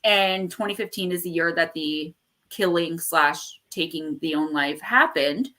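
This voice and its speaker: A woman hosting a casual live stream about the paranormal, rambling and animated as she tells stories. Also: low voice, a little slow. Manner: animated, rambling storyteller who acts out quotes. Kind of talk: casual livestream chat.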